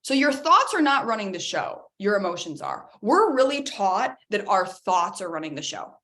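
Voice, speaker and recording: A woman wellness coach giving an energetic, emphatic workshop talk, speaking directly to her audience and calling them guys. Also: mid-range voice, moderate pace.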